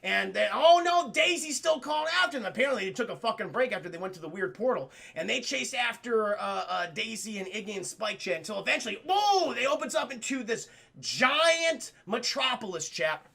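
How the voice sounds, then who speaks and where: A young man excitedly recapping a film for his live chat, swearing freely and acting out the characters' lines. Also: high voice, fairly quick, creaky, hardly any pauses. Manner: profane, animated, acts out characters' lines. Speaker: streamer reviewing a film.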